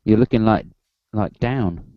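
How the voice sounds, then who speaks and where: A man in a casual group video chat who talks slowly and jokes around, often laughing. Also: lowish voice, highs cut off. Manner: slow, joking, often laughing.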